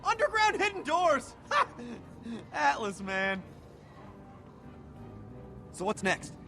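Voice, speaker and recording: An actor playing a jumpy, excitable young man in a video game, exclaiming over every surprise. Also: very high-pitched, slow, gravelly, full character voice. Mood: amazed. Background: game music.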